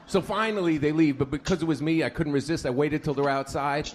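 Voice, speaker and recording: A man's voice: fairly high pitch, moderate pace, noisy background. A man doing a stand-up comedy set, telling crude stories and acting out the people in them. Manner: storytelling, crude, acts out stutters. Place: comedy club stage.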